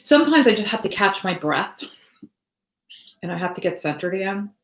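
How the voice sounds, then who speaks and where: A woman reads tarot cards live for her viewers and talks in a loose, rambling way, with plenty of fillers and restarts. Her voice sits at an ordinary middle pitch. The room around her gives the sound a clear echo. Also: sing-song, normal speed. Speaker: tarot reader. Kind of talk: live-stream tarot reading.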